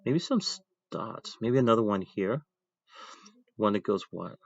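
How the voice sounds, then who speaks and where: Low-voiced man teaching an ink drawing demo. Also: expressive, a little slow, gravelly, dry recording, dull audio. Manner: talks while drawing, thinking aloud, chatty asides. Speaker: art teacher. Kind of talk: casual drawing demonstration.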